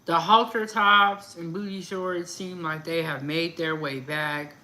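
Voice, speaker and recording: A woman with a bright, forceful voice talks through celebrity gossip in a loose, conversational way. She is a channel host addressing her viewers directly, full of asides and opinions. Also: on the low side, measured pace, poor audio. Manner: chatty, animated gossip with laughs and asides. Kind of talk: casual chat about celebrity gossip.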